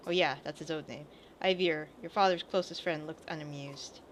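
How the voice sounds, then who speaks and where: Her voice is deep and steady, moving at a moderate pace against slight background noise. She's a let's play gamer reading video game dialogue aloud in a relaxed way, mostly skipping character voices, with occasional swearing and running comments on the game.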